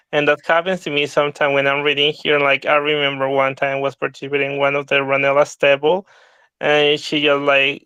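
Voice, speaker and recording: A man's voice: on the high side, sharp tone, clear, resonant tone, dry recording, dull audio. A man taking part in a language workshop, talking earnestly and sometimes searching for his words. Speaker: workshop participant. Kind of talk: casual discussion.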